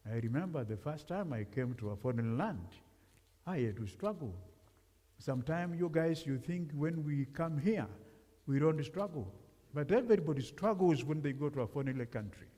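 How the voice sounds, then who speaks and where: A man's voice: fairly high pitch, lively intonation, normal speed, warm tone. A man from Africa preaching as a guest speaker, talking conversationally and putting questions to the congregation. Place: church sanctuary. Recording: long church reverb.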